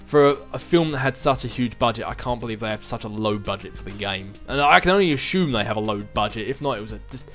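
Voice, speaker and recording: A relaxed man in an everyday mid-range voice talks through viewer questions, easygoing and prone to little chuckles. Faint music plays underneath. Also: mid-range voice, quick pace, hardly any pauses. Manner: chatty and easygoing, chuckling between thoughts. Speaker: gaming channel host. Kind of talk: casual viewer Q&A chat.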